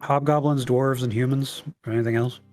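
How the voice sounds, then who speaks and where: A man playing in a tabletop game, joking and bantering quickly with the game master. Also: medium pitch, steady tone, darkish tone, faint music behind. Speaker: player. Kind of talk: casual game chat.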